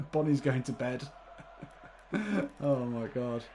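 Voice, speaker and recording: A man's voice: medium pitch, expressive, slow pace, warm tone, slight background noise. A man commenting live on a football video game, chatty and laughing often, swearing casually and talking to his viewers. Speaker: gaming livestreamer.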